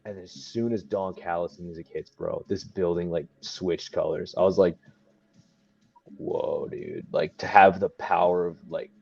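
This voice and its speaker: Animated young man telling wrestling stories. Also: moderate pace, creaky, hardly any pauses, slightly rough. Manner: animated, laughing often, acts out other people's lines in a high voice. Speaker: professional wrestler guest. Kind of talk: casual storytelling. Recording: dull lo-fi podcast audio.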